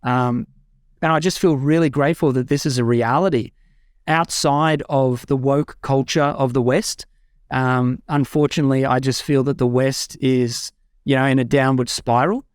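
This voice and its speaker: A young man with a mid-range, clear, resonant voice speaks at normal speed with fairly even intonation. As a guest at home in a rural eco-village, he talks casually and enthusiastically, with lots of fillers and restarts, in a studio-quality recording free of room sound.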